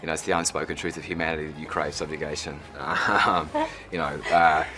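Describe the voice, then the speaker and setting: A man impersonating a laid-back Australian male actor as he delivers villain lines, in a deep, gravelly drawl full of ums. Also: flat delivery, a little fast, noisy background. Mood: menacing.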